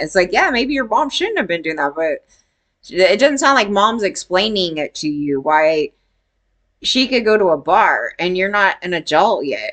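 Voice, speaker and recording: A woman's voice: medium pitch, sing-song, normal speed, fairly bright tone. A woman giving casual opinion commentary in a blunt, rambling way, swearing freely.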